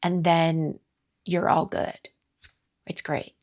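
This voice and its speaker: A middle-aged Southern woman hosts a card-making live stream, chatting casually as she reads viewer comments aloud and responds. Her voice is low and a little mellow, with a level tone and an unhurried pace.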